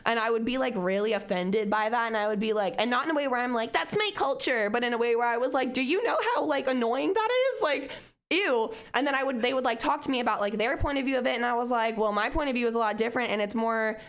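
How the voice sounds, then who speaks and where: A woman's voice: fairly high pitch, fast talker, few pauses. A young woman co-hosting a podcast, speaking candidly in casual chat, swearing freely and acting out her past self with laughs. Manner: candid and profane, laughs between remarks; lively, acts out her past self in quotes. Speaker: podcast co-host.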